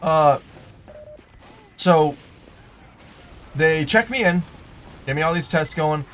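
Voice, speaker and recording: Expressive and fairly bright, this young man's fairly high voice unfolds at a slow pace. While playing a game on his YouTube channel, he tells a meandering personal story littered with fillers, restarts, and abrupt remarks about what's happening in-game.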